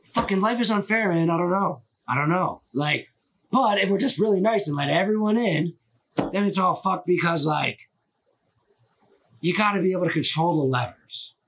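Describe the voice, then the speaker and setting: A high-pitched, slightly bright male voice with a breathy quality, moving at a moderate pace. He hosts a live stream through a phone, chatting in a loose, opinionated way, heavy on fillers and swearing.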